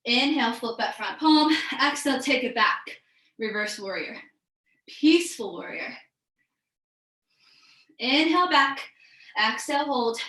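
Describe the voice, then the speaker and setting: Female yoga instructor, bright upbeat cueing, a little breathless, echoey room. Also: sits high, expressive, unhurried, long pauses. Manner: upbeat, encouraging, calls out breaths and poses. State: a bit out of breath. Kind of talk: live online yoga class cues.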